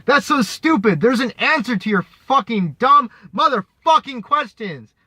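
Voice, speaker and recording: A man's voice: very high-pitched, lively intonation, normal speed, pushed and bright, breathy edge, dry recording, lo-fi sound. A man ranting angrily to camera, swearing, repeating himself and mocking the people he argues with. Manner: heated, profane, repetitive, mocking. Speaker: vlogger. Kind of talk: angry ranting monologue.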